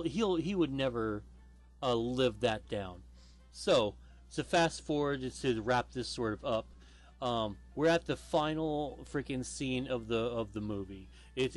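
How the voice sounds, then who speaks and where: A man hosting a casual podcast chat, rambling with lots of fillers and the odd swear word. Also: mid-range voice. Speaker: podcast host.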